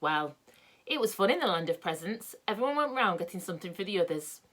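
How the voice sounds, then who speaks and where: A woman reading a children's book aloud in a lively, expressive way. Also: lowish voice, quick pace. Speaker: storyteller.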